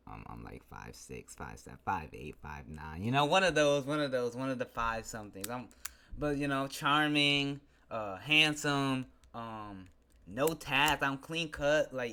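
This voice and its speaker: Young man, bright tone, casual venting vlog, animated and slangy. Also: medium pitch. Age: young adult. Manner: animated, rants with rising exasperation, slangy. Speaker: vlogger.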